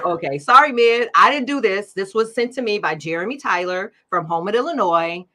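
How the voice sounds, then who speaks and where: A woman's voice: medium pitch, expressive, fairly quick, few pauses, sharp tone. A middle-aged woman hosting her own show, talking in an upbeat, chatty way and laughing often. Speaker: podcast host. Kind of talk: casual livestream chat.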